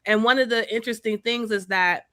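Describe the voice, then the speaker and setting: A woman's voice: on the high side, fairly even intonation, a little fast, a bit bright, dry recording, studio quality. A woman co-hosting a podcast, explaining history in a casual, chatty way with fillers and the odd swear. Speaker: podcast co-host.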